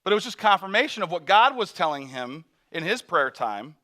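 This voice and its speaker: A man telling a mission story in a sermon, animated, acting out voices and laughing often. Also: high-pitched, brisk.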